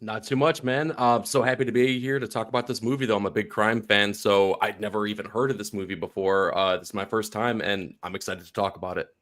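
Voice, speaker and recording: A man on a movie review panel, relaxed and upbeat. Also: fairly low pitch, fast talker, few pauses. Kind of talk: casual movie review chat.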